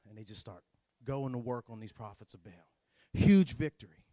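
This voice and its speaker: A man preaching a sermon in a sarcastic, animated, jokey way. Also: medium pitch, normal speed, dry recording. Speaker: pastor.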